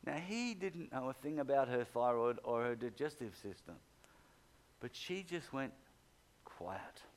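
A man preaching, telling a long anecdote in a lively storytelling way and acting out the people he quotes. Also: mid-range voice, measured pace. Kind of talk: sermon storytelling.

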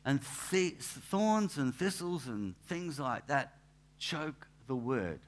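A man, a pastor giving a relaxed, anecdotal sermon in church, with asides and restarts. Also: mid-range voice, slow pace. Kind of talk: conversational sermon.

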